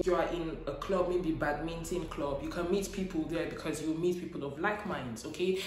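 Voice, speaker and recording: Animated Nigerian woman in an echoey room. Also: low voice. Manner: animated storytelling, acts out dialogue. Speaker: vlogger. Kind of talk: casual chat to camera.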